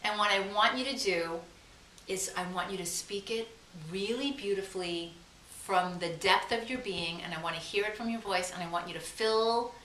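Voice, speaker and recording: Woman, Long Island accent, meditation teacher, enthusiastic, bright tone, roomy echo. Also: medium pitch, recorded from a distance. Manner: enthusiastic, chants slowly at times. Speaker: psychic teacher. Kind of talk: guided meditation lesson. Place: room at home. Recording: echoey room with faint hiss.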